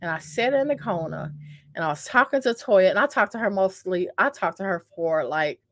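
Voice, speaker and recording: A woman's voice: mid-range voice, expressive, a little fast, fairly bright tone, no echo. Chatty woman telling a story, dry sound. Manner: chatty and self-mocking, addresses listeners as "y'all"; talks with many fillers and repeats. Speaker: vlogger telling a dating story. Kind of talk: casual storytelling to camera.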